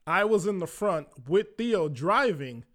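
Young male storyteller, slightly high voice, casual and chatty, fills gaps with filler words. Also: animated, unhurried, a bit bright. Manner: conversational, lots of "like" fillers, acts out quoted voices.

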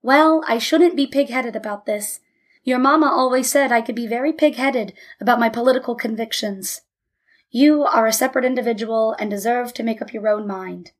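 Woman doing a soft sighing immigrant dad, storybook reading, bit high voice. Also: moderate pace, lightly acted. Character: weary, gentle middle-aged immigrant father.

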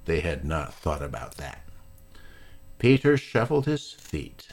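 A man reading a children's storybook aloud, slow and lively, with voices for each character. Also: a bass voice. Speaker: narrator.

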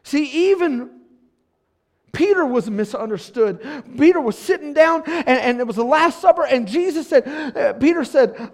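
A middle-aged male pastor preaching a sermon in a church, dropping to a hush and then building to shouts, laughing along with the congregation. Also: very high-pitched, animated, normal speed. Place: church sanctuary.

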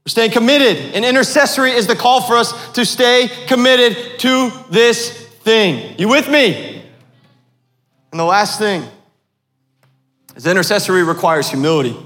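High-voiced male pastor preaching in a hall. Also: unhurried, fairly bright tone, soft background music. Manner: preaching with call-and-response questions to the congregation. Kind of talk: sermon.

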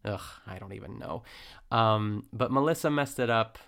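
A man's voice: fairly low pitch, moderate pace, vocal fry, fairly bright tone. A man hosting a podcast, recapping a cooking show in a chatty, playful way and laughing often. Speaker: podcast host. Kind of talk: casual recap chat.

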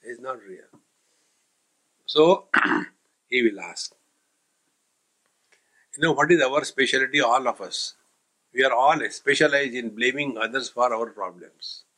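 A male swami gives a light-hearted spiritual talk, turning it into stories and jokes. His voice is bright and forward, and he sits at a mid pitch for a man. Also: slow pace, long pauses, low-quality recording. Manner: storytelling with jokes, mixing in Hindi sayings. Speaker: swami teaching a spiritual text. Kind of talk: humorous spiritual discourse.

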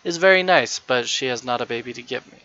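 An eager, wondering little girl, as a man reading aloud puts her on, her voice lifted higher and bright with feeling. The sound is dry and a bit dull, like a lo-fi home recording. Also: quick pace, close to an everyday voice.

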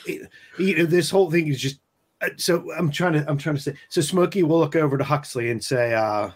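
A man's voice: medium pitch, fast, slightly rough. A man chatting casually as a player in a tabletop role-playing game. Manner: easygoing, chatty.

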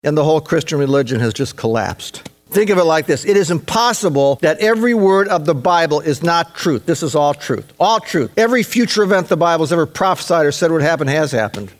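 A man preaching a sermon as pastor, stressing phrases slowly and acting out quoted speech. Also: fairly high pitch, expressive.

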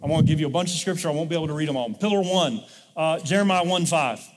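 A man's voice: fairly high pitch, fast talker, in a large hall. A male pastor preaching a sermon in a church, leading the congregation in call-and-response. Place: church sanctuary.

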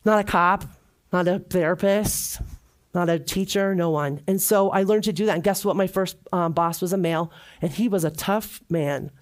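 A woman's voice: fairly low pitch, normal speed. A middle-aged woman giving a heartfelt personal testimony at a church gathering, speaking earnestly and repeating phrases for emphasis.

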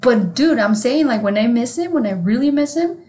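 A woman's voice: a little high, a little fast. Profane, candid woman podcast co-host. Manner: candid and profane, animated when amused. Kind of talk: casual chat.

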